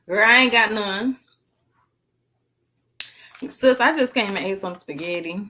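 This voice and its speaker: A woman's voice: medium pitch, measured pace, sharp tone, a little hiss or hum. A tired woman chatting casually with viewers on a live stream, eating snacks as she talks and calling them girl and sis. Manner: eating snacks while talking. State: tired after work.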